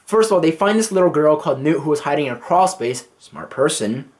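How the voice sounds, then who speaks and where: A man's voice: on the high side, expressive, a little fast, a little mellow. A man casually reviewing a movie, swearing freely as he retells scenes. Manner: casual and profane, acting out scenes.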